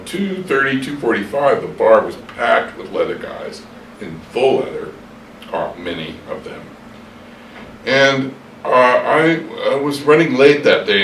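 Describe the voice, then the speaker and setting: In a hotel room, an older man is interviewed about his past, telling stories in a rambling, hesitant way with many fillers and self-corrections. His voice is mid-range and a bit bright, caught by a distant mic in an echoey room with faint hiss.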